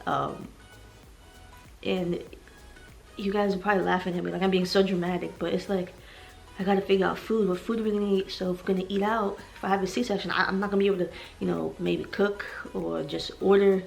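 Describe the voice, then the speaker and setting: A woman's voice: mid-range voice, flat delivery, fairly quick, vocal fry, soft background music. A heavily pregnant young woman vlogging to her viewers, talking in an emotional, rambling way and growing tearful at times. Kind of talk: personal vlog confession.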